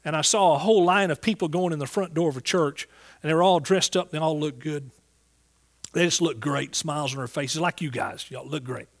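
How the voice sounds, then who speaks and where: Before a congregation at a church service, a Southern US man shares the story of his calling as a Bible teacher in a folksy, earnest testimony full of restarts. His pitch is fairly high and his pace a little fast.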